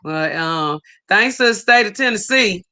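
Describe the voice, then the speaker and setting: A man's voice: sits high, animated, unhurried, sharp tone, clear, resonant tone. A middle-aged man, hosting a casual livestream and giving emphatic, preachy advice to viewers. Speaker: livestream host reading viewer comments.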